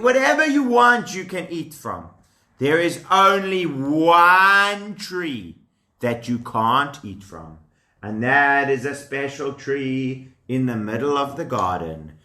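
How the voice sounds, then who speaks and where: Playful, animated man telling a children's story. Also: on the high side, takes it slowly. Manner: playful, animated, quizzes young listeners. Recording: echoey room.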